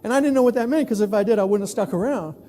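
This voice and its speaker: A man in his sixties from New York City, giving an animated storytelling keynote talk. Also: high voice, racing. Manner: animated, acts out other people's voices. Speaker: keynote speaker, newspaper columnist. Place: large conference hall. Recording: echoey hall with long reverb.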